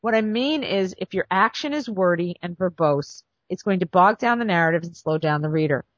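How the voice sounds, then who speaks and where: A woman's voice: lowish voice, lively intonation, fairly quick, no room sound. A woman hosting a podcast as a script editor, talking casually in a chatty, self-deprecating, folksy way. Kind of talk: casual monologue. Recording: dull dry lo-fi recording.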